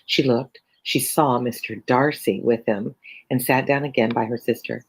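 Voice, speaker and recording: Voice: mid-range voice, steady tone, normal speed, breathy edge, rough recording. A teacher reading a novel aloud on a live stream, breaking off for chatty asides to viewers. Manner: chatty asides between passages.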